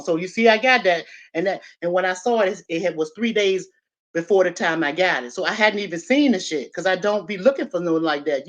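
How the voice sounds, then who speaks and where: An older woman talking straight to camera in a casual vlog. She is blunt, swears freely and rambles from point to point. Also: fairly low pitch. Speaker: YouTube commentator.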